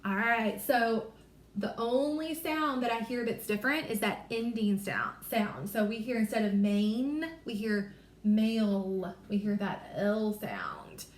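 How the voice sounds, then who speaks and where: A woman reading teacher leading a small-group phonics lesson, sounding out letters slowly and carefully, encouraging and apologetic. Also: mid-range voice, expressive, roomy sound.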